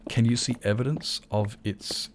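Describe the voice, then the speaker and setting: A man's voice: medium pitch, steady tone, normal speed, slight background noise. A man chatting casually to viewers while streaming a game, rambling, swearing freely and correcting himself mid-sentence. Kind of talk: casual live-stream chat.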